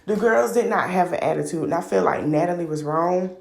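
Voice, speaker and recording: A woman's voice: fairly low pitch, a little fast, gravelly, darkish tone, roomy sound. A woman hosting a podcast, casually recapping a reality show in a gossipy, opinionated, slangy way. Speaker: podcast host.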